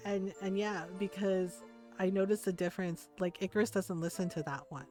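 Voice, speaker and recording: A woman's voice: mid-range voice, moderate pace, soft background music. A woman streamer telling a rambling neighbor story while she games, tagging her sentences with "right?" and acting out the people in it. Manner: animated, acts out other people's lines. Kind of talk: casual storytelling while gaming.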